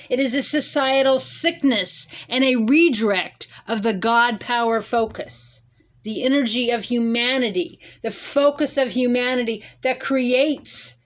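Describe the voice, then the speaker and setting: A woman reading her own angry rant aloud, emphatic and repetitive, with sarcastic asides. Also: on the high side. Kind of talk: slow deliberate spoken-word rant. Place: indoors at a computer.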